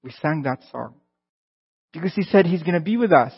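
A man delivers a sermon in an easy, conversational way that swells into emphatic bursts. His voice is husky and sits a little high. The recording is muffled and lo-fi, with a long reverb tail from a church hall. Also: expressive, moderate pace. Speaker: pastor.

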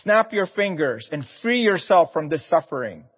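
A man's voice: a little high, very animated, moderate pace, husky, long reverb tail, lo-fi sound. A man preaching a sermon takes on the voice of a jeering male bystander mocking a condemned man. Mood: taunting.

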